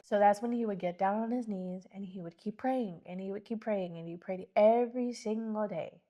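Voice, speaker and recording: Animated woman telling a story. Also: mid-range voice, normal speed, soft background music. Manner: animated, acts out quotes, many "like"s. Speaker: podcast host. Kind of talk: casual storytelling chat.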